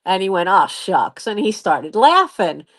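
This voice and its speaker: A woman in her late fifties talks to her viewers in a relaxed live stream. Her pitch sits in the middle but moves a great deal as she tells the story. She laughs often and mimics the people she quotes. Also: a little slow. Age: 50s. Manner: animated, laughs often, acts out others' voices. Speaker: channel host.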